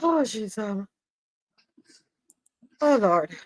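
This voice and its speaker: A woman with a Caribbean accent hosting a live talk show, chatting in a lively way, laughing often and slipping into patois. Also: medium pitch, extremely slow, no room sound. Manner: animated, laughing, slips into patois. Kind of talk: casual chat.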